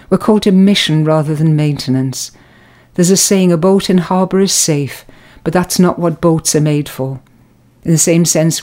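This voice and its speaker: A woman giving a calm, measured and earnest spoken devotional reflection. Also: low-pitched. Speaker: preacher.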